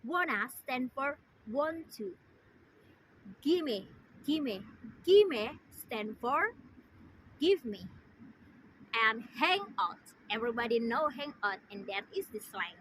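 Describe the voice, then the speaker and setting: A young woman giving a formal prepared speech as a student, halting, with frequent restarts and repeated words. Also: on the high side, expressive, a bit bright, a little hiss or hum, poor audio. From Indonesia. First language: Indonesian.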